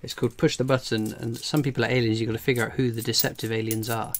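An Englishman hosts a casual coin collecting livestream, reading viewer comments aloud, joking and laughing often. He talks fast in a mid-range voice with little pitch movement, and faint music plays in the background.

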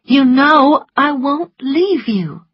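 A woman voicing an imperious, headstrong young Southern woman who gives sharp orders. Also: extremely high pitch, very animated, measured pace, no echo, pitched above the performer's own voice, heavily acted. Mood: tense. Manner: sharp, commanding. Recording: slightly muffled lo-fi, dry.

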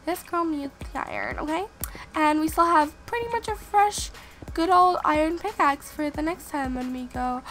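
A sick woman giving excitable let's-play gameplay commentary as a channel host, gasping and exclaiming and talking straight to her viewers. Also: high voice, normal speed, soft background music. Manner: excitable, gasps and exclaims, addresses viewers directly.

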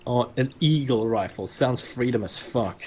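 A man's voice: mid-range voice, normal speed, heavy background noise. A man with a Swedish accent chatting, joking, swearing and laughing while playing a video game with a friend. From Sweden. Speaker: guest co-player. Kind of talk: casual gameplay chat.

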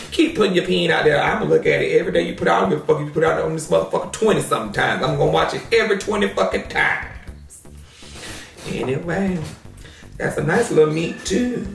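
Sassy high-voiced man ranting in an echoey room. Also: gravelly. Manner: sassy, loud, swears a lot, mocking. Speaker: gossip commentary host. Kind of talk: profane drama commentary. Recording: roomy echo, distant from mic.

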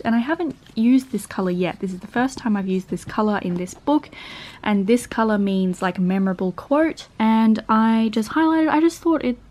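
A young woman with an Australian accent chatting casually in a book vlog, animated and laughing often. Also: a little high. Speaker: book vlogger. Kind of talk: casual reading vlog chat.

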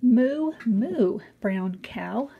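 A woman's voice: on the high side, expressive, drawn-out words, vocal fry, husky, dull audio. A woman reading a children's picture book aloud in a sing-song way, lifting her voice on each animal sound.

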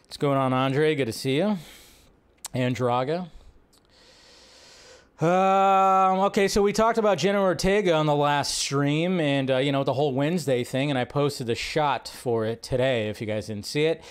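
A man hosting a casual livestream, chatting and rambling about film news, now and then shouting out quoted lines. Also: fairly high pitch, normal speed, clear, resonant tone. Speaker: livestream host.

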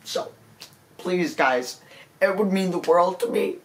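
A man delivering a mock-serious apology monologue as a comedy vlogger. He stammers and sounds tearful and self-pitying, and his pleading breaks into sudden high, squeaky cracks. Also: takes it slowly, a little hiss or hum.

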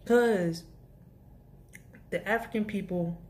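A woman's voice: mid-range voice, takes it slowly, darkish tone. A young woman vlogger telling a casual storytime about her job, rambling with many restarts and asides. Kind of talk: storytime vlog.

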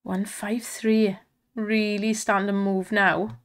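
An excitable woman commenting on slot spins and cheering the reels on, her voice strained from shouting. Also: medium pitch, slow pace. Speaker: slot streamer.

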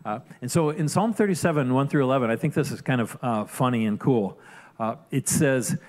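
Male pastor, sermon, chatty and relaxed delivery, mid-pitched voice, lots of restarts. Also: brisk. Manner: conversational, frequent "right?" asides and restarts.

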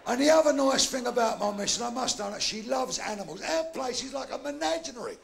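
A gravelly, fairly high-pitched older Cockney man tells blunt, bawdy jokes in a dry, deadpan way. He is recorded live on stage, with plenty of room noise and audience around him. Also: a little fast. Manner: gruff, bawdy, deadpan delivery. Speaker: stand-up comedian. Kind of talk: live stand-up routine. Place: large live venue with a crowd. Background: audience laughter.

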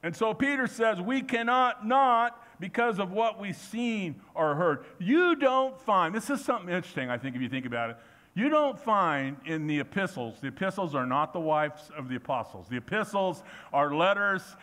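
Male pastor preaching in church; animated, plays out quotes, voice a bit high. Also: moderate pace. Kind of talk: sermon.

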